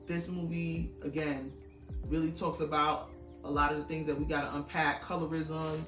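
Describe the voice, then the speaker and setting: A woman's voice: sits low, level tone, moderate pace, fairly bright tone, recorded from a distance. A chatty, casual woman vlogging about her movie collection, swearing freely and rambling. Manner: chatty, swears casually, self-described yapper. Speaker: YouTuber reviewing her DVD haul. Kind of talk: casual vlog chat. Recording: echoey room, a bit off-mic, faint music.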